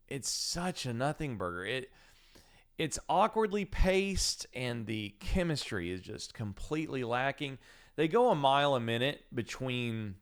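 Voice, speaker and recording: A man with a smooth, clear voice at a middle pitch reviews a film in a loose, chatty way. He talks bluntly and swears now and then, stumbling through restarts and fillers as he goes. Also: a bit bright. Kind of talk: casual movie review rant.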